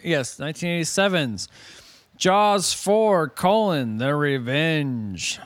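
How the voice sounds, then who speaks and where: A man's voice: fairly high pitch, lively intonation, slow, fairly bright tone, faint music behind. A man co-hosting a movie podcast, bantering in crude, joking chat. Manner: joking, profane, slips into goofy shark voices. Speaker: podcast co-host. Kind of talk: casual banter.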